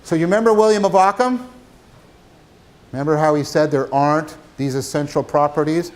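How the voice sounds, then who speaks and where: A man giving a university lecture, animated, asking his class questions as he talks. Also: on the high side, brisk. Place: lecture hall.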